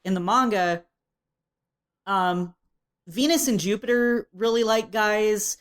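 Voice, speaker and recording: A woman co-hosting a podcast recaps a game in relaxed conversation, laughing often and using many fillers. Her medium-pitched voice is unhurried, and the sound is clean.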